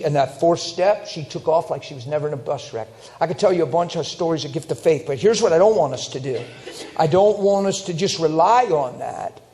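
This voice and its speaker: A middle-aged man preaching a sermon, telling stories in an animated, emphatic way that climbs toward shouting. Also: a little high. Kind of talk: storytelling sermon.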